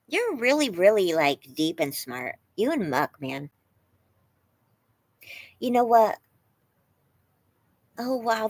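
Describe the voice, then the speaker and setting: A woman's voice: medium pitch, sing-song, slow, long pauses, no echo. A woman hosting a live stream, answering chat in casual, rambling talk full of fillers and gushing praise. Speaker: livestream host reading chat.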